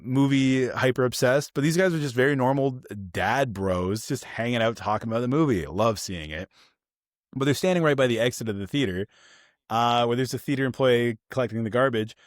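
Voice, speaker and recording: A man co-hosting a podcast, chatting casually about films and acting out the people in his stories with lively energy. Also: medium pitch, no echo, studio quality. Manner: animated storytelling, acts out quoted people. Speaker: podcast co-host. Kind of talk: casual film review chat.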